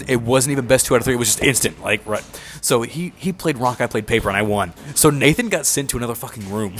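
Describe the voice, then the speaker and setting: A man's voice: mid-range voice, fairly bright tone. A young man casually telling a rambling story, swearing freely and acting out the voices of the people he quotes.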